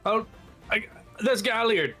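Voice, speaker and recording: A man playing a tabletop game, talking in a hesitant, halting way with many pauses. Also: sits high, pushed and bright, soft background music. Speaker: player.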